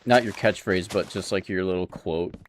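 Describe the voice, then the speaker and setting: A man's voice: low-pitched, normal speed, a little hiss or hum. Laid-back young man streaming a game. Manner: laid-back, chatty, laughs often, talks to chat. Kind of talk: casual gameplay commentary.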